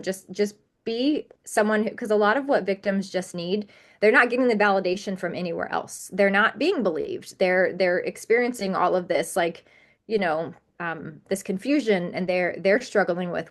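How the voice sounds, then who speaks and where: A woman's voice: medium pitch, moderate pace. A woman talking as a podcast guest in a candid interview, earnest and emphatic, piling up repetitions.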